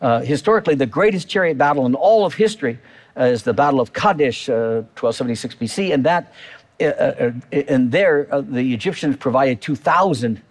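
A man's voice: expressive, fairly quick. A man preaching a sermon in a conversational way, full of fillers and restarts, acting out quoted voices. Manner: acts out quoted voices with rising pitch. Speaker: pastor.

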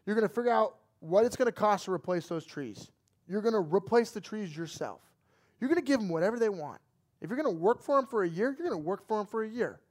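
A man voicing his angry military father, shouting at his son in a retold story. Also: expressive, quick pace. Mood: stern. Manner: shouting at high pitch. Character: furious middle-aged military dad, yelling.

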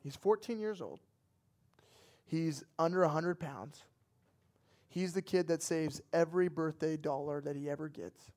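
A young man, a pastor, telling a personal story in a lively, dramatic sermon. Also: on the high side.

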